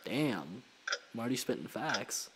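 A man's voice: medium pitch, sing-song, takes it slowly, a little hiss or hum. A man giving joking, reactive let's-play commentary as he plays a story game. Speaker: gaming YouTuber.

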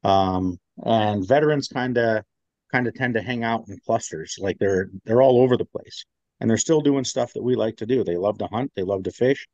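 A man with a lowish voice tells a rambling veteran's story, full of fillers and restarts. The recording is dry and close but dull and lo-fi. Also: normal speed, a little mellow, no echo. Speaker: guest, veteran. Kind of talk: casual storytelling in an interview.

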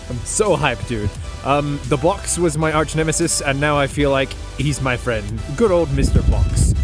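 A young man chatting casually to the camera outdoors on a ski slope, excitable and thinking aloud as he goes. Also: mid-range voice. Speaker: vlogger learning to snowboard. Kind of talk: casual vlog commentary.

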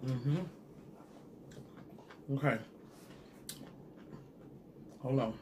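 A man's voice: a little high, a little slow, pauses often, a little hiss or hum. A man in a casual food-review vlog who chats straight to his viewers and hums and murmurs while he eats. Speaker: mukbang vlogger reviewing a sauce.

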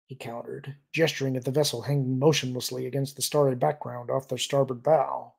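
A man reading a novel aloud in steady storytelling narration, giving each character a voice. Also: medium pitch, a little fast, vocal fry, hardly any pauses, husky. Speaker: audiobook reader. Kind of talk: fan audiobook narration.

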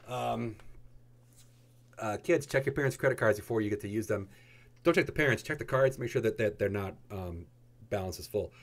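A man hosting a casual game news video, playful and jokey, his voice jumping into high excited squeals. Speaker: gaming YouTuber host.

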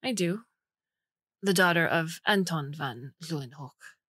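A woman's voice: low voice, unhurried, fairly bright tone, dry recording, clean studio sound. A woman voicing a shy young male historian who speaks careful English with a Dutch accent. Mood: explaining. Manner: careful, precise.

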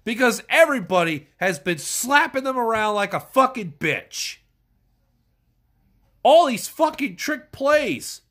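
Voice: medium pitch, big pitch swings, unhurried. Furious, stuffy-nosed sports fan ranting. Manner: furious, yelling and swearing. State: stuffed up from a cold. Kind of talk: angry profane rant.

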